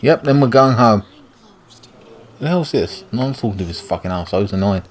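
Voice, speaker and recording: A man's voice: lowish voice, lively intonation, a little fast. A British man ranting and swearing as he comments on a video game he is playing. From Britain. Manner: ranting, profane. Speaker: gaming YouTuber. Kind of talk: let's play commentary.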